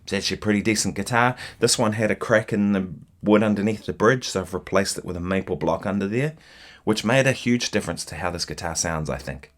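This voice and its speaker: Laid-back male guitar teacher, low voice. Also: fairly quick. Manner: relaxed, chatty, rambling with fillers and asides. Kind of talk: casual video lesson. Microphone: single mic, holding guitar while talking.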